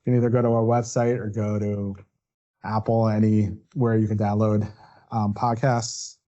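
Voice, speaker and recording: A workers' compensation defense attorney presents a legal webinar, taking listeners through each step in turn and checking in with asides such as "right?". His voice sits on the low side with a dark tone, a level delivery and a moderate pace. The audio is dull.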